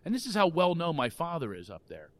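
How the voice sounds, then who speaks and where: A male comedian guest telling stories in casual chat, animated and laughing often. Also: fairly high pitch, fast talker.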